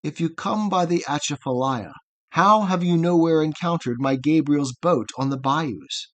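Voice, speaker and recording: Man reading as old herdsman, former blacksmith, hearty, cheerful, reassuring, slightly high voice, storybook poem. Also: a little slow, natural voice. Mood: puzzled.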